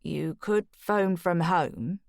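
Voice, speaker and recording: A woman reading the part of a gentle older aunt who speaks slowly and softly. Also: on the low side, gravelly, dry recording, clean studio sound. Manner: slow, soft, measured. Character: warm older aunt, gentle and slow-spoken.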